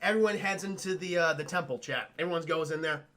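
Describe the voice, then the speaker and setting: A man's voice: on the high side, fast talker. A man casually recapping a film on a livestream, swearing often and talking to his chat. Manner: profane, animated, addresses chat. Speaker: streamer and film reviewer.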